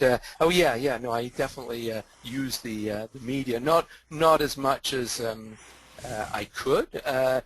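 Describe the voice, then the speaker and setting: A man's voice: mid-range voice, a bit bright, a little hiss or hum, rough recording. An older man with a mid-Atlantic accent, giving a webinar talk as a guest speaker and answering questions, rambling and hesitant, full of fillers and restarts.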